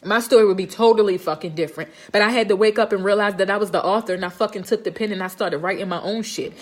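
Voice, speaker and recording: A woman's voice: mid-range voice, quick pace. A woman, giving a blunt, profane motivational talk on a live stream and often asking if her listeners understand. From Baltimore, Maryland. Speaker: live streamer and home health nurse.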